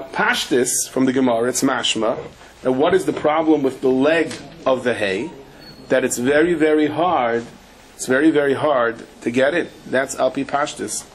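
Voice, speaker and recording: Man giving a lively Torah class. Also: medium pitch, slight background noise. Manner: animated storytelling, acts out the people in his anecdotes. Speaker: rabbi.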